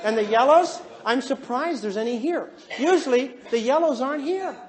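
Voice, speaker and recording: A man counseling and teaching a live class in a joking, animated way, often asking the audience questions. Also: very high-pitched, normal speed, a faint crowd. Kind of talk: humorous lecture to a live class.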